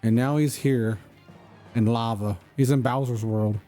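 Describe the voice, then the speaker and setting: A man chats loosely while streaming a game, joking and wandering between tangents. His voice is mellow and unhurried, at an average pitch, and quiet background music runs underneath. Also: fairly even intonation. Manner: rambling, joking, easily sidetracked. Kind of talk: casual chat while gaming.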